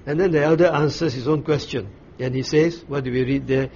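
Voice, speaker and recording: A man leads a Bible study, walking through a passage in a measured, explanatory way, pausing and restarting as he thinks. His mid-pitched voice comes through a slightly dull recording with faint background noise. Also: steady tone, darkish tone. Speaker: Bible teacher.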